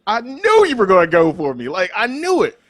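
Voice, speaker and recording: A man's voice: high voice, huge pitch swings, fairly quick, a bit bright, no echo. A man cohosting a casual gaming podcast, defensive and exasperated, swearing as he laughs things off.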